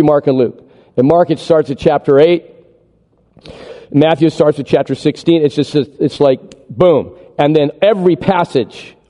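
A man preaching a sermon, animated as he walks the congregation through a chart. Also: on the high side. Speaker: pastor. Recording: echoey hall with long reverb.

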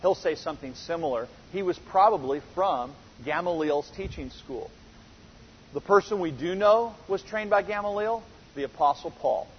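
A man's voice: high voice, expressive, normal speed, a little hiss or hum. A man teaching a verse-by-verse Bible lesson, earnest and full of rhetorical questions, often restarting his sentences. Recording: reverberant hall, dull lo-fi sound.

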